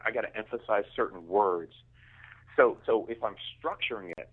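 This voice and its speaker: A man speaking as an interview guest. He talks emphatically and often repeats words as he starts a sentence. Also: medium pitch. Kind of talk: conversational business interview. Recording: tinny phone line.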